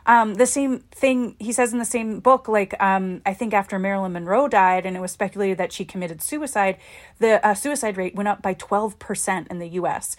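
A young woman hosts her own podcast in a loose, opinionated monologue. Her voice sits at a middle pitch, and she talks the way she would with a friend, filling gaps with "like" and leaning hard on the points she feels strongly about. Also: normal speed. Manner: chatty, heavy use of "like", emphatic. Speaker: podcast host.

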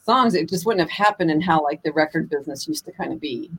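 A woman talks at a rapid clip in a casual podcast chat. Her delivery is upbeat, and she makes her points with lively everyday examples. A faint background hum sits under her voice. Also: low voice. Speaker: guest, musician's wife.

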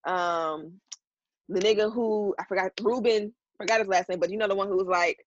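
A woman hosts a loose podcast conversation, talking in a rambling, chatty way and laughing often. Her voice is dry and close, with a slightly dull, lo-fi tone. Her pitch sits mid-range for a woman. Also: steady tone, normal speed, no echo. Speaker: podcast host. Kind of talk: casual podcast chat.

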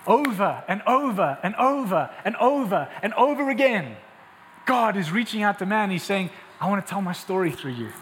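Young guy preaching, high voice, talky then builds up big, church hall reverb with a little hiss. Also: big pitch swings, a little slow, long pauses, a bit bright. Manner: conversational preaching, rising to emphatic peaks. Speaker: pastor. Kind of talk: sermon.

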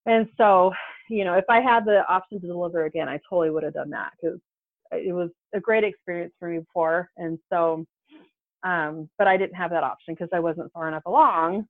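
Over a tinny, phone-like connection, a woman in her thirties shares a personal story as a podcast guest. Her voice is lowish and fairly quick, and she's animated, acting out each quoted voice. The recording is dry.

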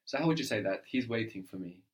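A man's voice: fairly low pitch, lively intonation, fast talker. Patient male tutor coaching a student step by step, frequent "no?" check-ins. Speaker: language teacher. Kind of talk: one-on-one German lesson.

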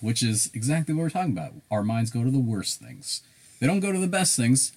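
A man co-hosting a podcast, telling stories in a lively, profane way. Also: medium pitch, fairly quick, noisy background. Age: adult. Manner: animated, profane storytelling. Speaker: podcast co-host. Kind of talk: casual podcast chat.

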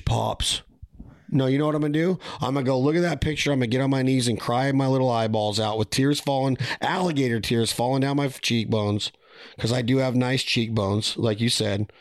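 A podcast host, a man with a mid-range voice, talks in a blunt and impassioned way. He drops the odd swear word as he makes his point. The sound is dry and close, with no room echo. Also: mid-range voice. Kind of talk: casual podcast conversation.

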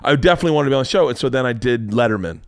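Animated, swearing male storyteller. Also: medium pitch, racing, dry recording, clean studio sound. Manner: animated storyteller, loud excited impressions, frequent swearing. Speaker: podcast host. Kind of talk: casual storytelling chat.

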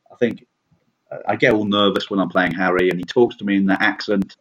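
A man's voice: fairly low pitch, steady tone, a little fast. A man chatting casually and self-deprecatingly about his league standings, rambling with many fillers. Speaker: league player reviewing standings. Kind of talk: casual podcast chat. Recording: dull lo-fi audio.

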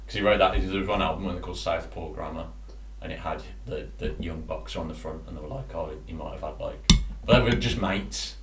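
A man trades sweary, laugh-filled banter as a podcast co-host. The sound is echoey and roomy, with clear noise behind him. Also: low-pitched, a little fast, a bit bright. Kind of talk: casual banter.

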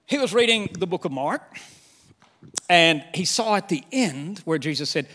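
Male pastor, high voice, lively sermon delivery, long hall reverb. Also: normal speed. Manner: animated preaching that slips into quoted voices.

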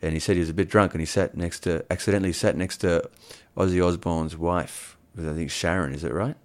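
Male podcast co-host, very low voice, loose rambling storyteller. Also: fairly even intonation, a little fast, darkish tone. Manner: rambling, laughs often, restarts. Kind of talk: casual chat.

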